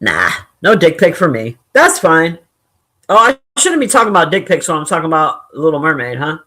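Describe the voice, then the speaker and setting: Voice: mid-range voice, very animated, a little fast, pushed and bright. Profane, laughing live streamer. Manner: profane, joking, laughs often; blunt and opinionated. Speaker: live streamer reading chat. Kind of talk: casual live-stream chat.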